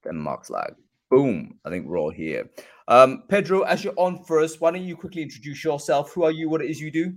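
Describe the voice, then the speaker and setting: A man hosting a live online show, chatty and filled with ums and uhs, talking from a room by a bright window. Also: a little high, very animated, a little fast. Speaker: host.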